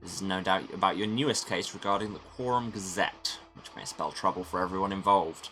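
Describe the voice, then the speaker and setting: A man's voice: low voice, fairly quick, pushed and bright, soft background music. A tired man streaming a game, reading its narration aloud with dry asides. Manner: dry, self-deprecating asides. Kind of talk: playthrough narration.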